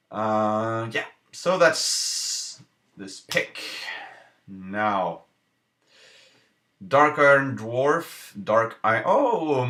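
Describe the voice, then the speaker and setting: A man streaming live, thinking aloud over card game picks with halting restarts and playful self-mocking jokes. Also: fairly low pitch, pushed and bright.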